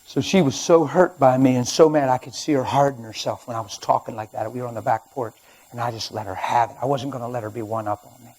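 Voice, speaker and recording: A man preaches a sermon in a husky voice. He tells a personal story and moves between quiet, hushed stretches and loud, emphatic ones. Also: mid-range voice, quick pace, rough recording. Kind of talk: sermon testimony. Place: church or studio.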